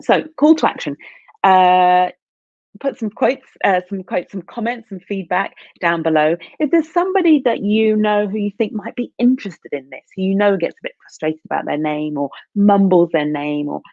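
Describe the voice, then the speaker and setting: A woman's voice: medium pitch, lively intonation, normal speed, darkish tone, dry recording. A woman confidence coach giving an encouraging live talk, setting tasks for her viewers in a direct way. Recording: dry, phone-like live stream audio.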